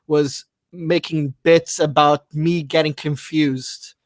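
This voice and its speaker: A man comedian co-hosting a casual chat, talking in a thoughtful, halting way. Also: on the high side, fairly even intonation, no room sound. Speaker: comedian, co-host.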